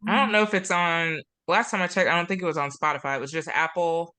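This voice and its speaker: A woman in a casual book club chat, animated and joking. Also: fairly low pitch, fast.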